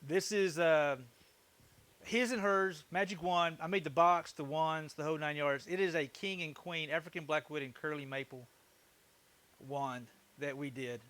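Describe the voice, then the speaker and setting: Bright-voiced joking woodworker on stream. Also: male voice, on the high side, fairly even intonation, moderate pace. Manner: chatty, joking, thanks viewers often. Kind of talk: casual live-stream chat while working.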